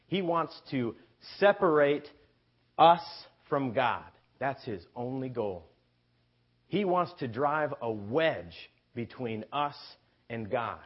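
A man preaching a sermon with emphasis, pausing to ask his listeners rhetorical questions. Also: medium pitch, breathy edge. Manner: slow, emphatic, asks the congregation rhetorical questions. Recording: dull lo-fi recording.

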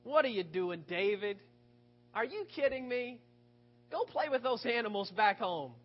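A man's voice: very high-pitched, expressive, measured pace, exaggerated voice. A male preacher voicing a scornful older brother who mocks his younger sibling with sarcasm. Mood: sarcastic scorn. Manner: sarcastic, belittling. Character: scornful older brother, grown man, mocking. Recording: dull lo-fi recording.

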